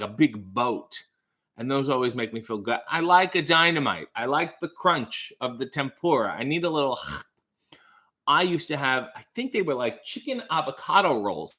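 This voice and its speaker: A man with a bright, clear voice hosts a relaxed livestream from home. He talks casually and answers viewers' comments with dry, sarcastic quips. His pitch sits in an ordinary middle range. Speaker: livestream host. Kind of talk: casual livestream chat reading.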